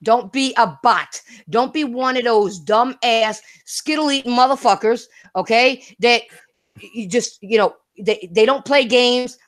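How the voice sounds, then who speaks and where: A woman's voice: a little high, unhurried. A woman hosting a casual gaming talk stream, brash and profane, laughing hard and repeating herself. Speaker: streamer and podcast host.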